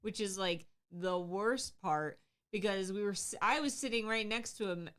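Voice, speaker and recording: A woman's voice: medium pitch, normal speed, fairly bright tone, clean tone. A woman co-hosting a casual livestream, chatting candidly and laughing lightly as she talks. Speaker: livestream co-host.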